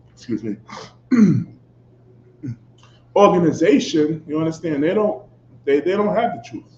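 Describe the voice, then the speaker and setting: A male preacher with a fairly high voice delivers a fiery, confrontational sermon, hammering points home and constantly asking whether his listeners understand. His loud outbursts give way to low asides. The room is echoey, and the recording sounds dull, with faint ambience behind. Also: a little hiss or hum. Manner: emphatic, constantly asks "you understand?".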